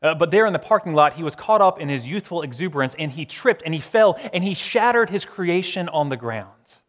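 A man preaching a sermon, shifting between strong emphasis and quiet, hushed phrases with long pauses. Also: on the high side, expressive, in a large hall. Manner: dramatic pauses, swings from loud to hushed. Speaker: pastor.

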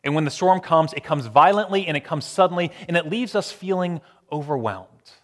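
Guy preaching a sermon, goes big then real quiet, lots of pauses. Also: fairly high pitch, expressive, long reverb tail. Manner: dramatic pauses, swings from loud to hushed. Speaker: pastor.

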